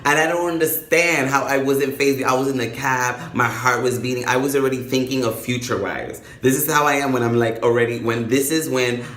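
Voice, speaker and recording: A man's voice: mid-range voice, fairly even intonation, brisk, hardly any pauses, a bit bright, reverberant. A man vlogging casually, telling his story with swearing and acting out the voices in it.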